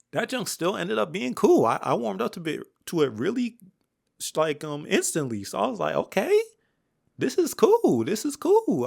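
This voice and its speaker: A young man giving a candid, slangy album review, rambling with fillers and restarts, dropping to low mutters and jumping up when excited. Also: creaky. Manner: swings between flat mutters and excited highs. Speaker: music reviewer. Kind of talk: casual album review monologue.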